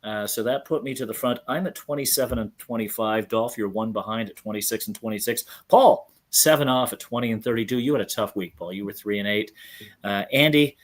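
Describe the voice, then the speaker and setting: A man's voice: on the low side, brisk. Joking male podcast host. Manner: jokey, rambling with restarts. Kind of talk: casual sports chat.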